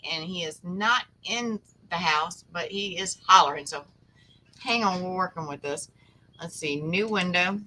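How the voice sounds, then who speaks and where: A woman's voice: mid-range voice, pushed and bright, a little hiss or hum, rough recording. A woman, hosting a live stream in a motherly, encouraging way. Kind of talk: casual live stream chat.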